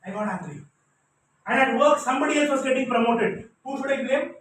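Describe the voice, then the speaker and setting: Brief: high-pitched Tamil-accented Indian man in his thirties, animated storyteller, heard from afar in a booming hall. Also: fairly quick. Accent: Tamil-influenced Indian English. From Chennai, India. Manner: animated, acts out cheering crowds and races, chuckles often. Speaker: Toastmasters speaker. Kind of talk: storytelling motivational speech. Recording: echoey hall, distant mic, faint hiss.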